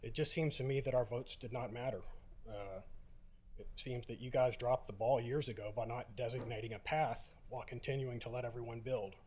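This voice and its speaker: A man's voice: medium pitch, steady tone, fairly quick, darkish tone, a little hiss or hum. A middle-aged man, holding back tears, giving plainspoken public comment at a city council podium. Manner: plainspoken, emotional, many uhs.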